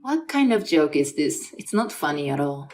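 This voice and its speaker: A woman's voice: sits low, very animated, moderate pace, a little mellow, soft background music, voice pushed down. A woman reading as a bossy selfish husband. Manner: demanding, dismissive. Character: selfish young husband, mama's boy. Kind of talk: scripted dramatized story reading.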